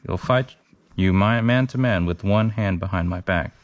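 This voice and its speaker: A man's voice: low voice, moderate pace, no room sound, muffled recording, lightly acted. A man voicing a brave boy hero in a storybook read-aloud, commanding and cheerful. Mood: defiant. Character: bold boy hero leading a crew, brave.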